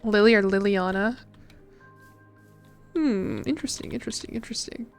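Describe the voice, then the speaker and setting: A woman's voice: medium pitch, moderate pace, clear, resonant tone, faint music behind. A young American woman streaming a game and chatting casually with viewers, laughing often and rambling with lots of fillers. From United States. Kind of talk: casual chat while gaming.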